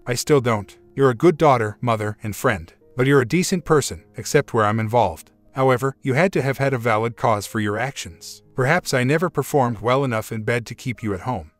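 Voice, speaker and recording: Male reader doing a wounded ex-husband, bitter and weary, mid-pitched, faint music under. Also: brisk, hardly any pauses, dry recording, natural voice. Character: hurt middle-aged husband confronting ex-wife.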